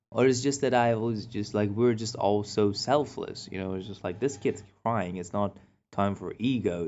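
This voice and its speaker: A man's voice: medium pitch, a little mellow. Rambling man telling a story, lo-fi. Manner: rambling, many fillers and restarts. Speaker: vlogger. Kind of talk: casual storytime monologue. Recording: dull lo-fi recording.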